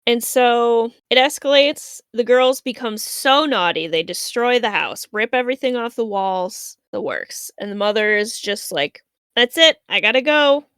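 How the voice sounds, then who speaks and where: A woman's voice: on the high side, animated, a little slow, few pauses, a bit bright, smooth, no room sound, clean studio sound. A woman co-hosting a podcast, casually retelling a story with wry asides. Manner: chatty, wry asides, frequent fillers. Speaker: podcast co-host.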